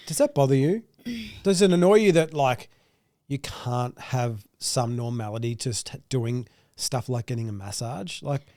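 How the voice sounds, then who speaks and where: Relaxed, curious interview host. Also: medium pitch, unhurried, no room sound, studio quality. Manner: relaxed, curious, slangy questions. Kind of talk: casual interview chat.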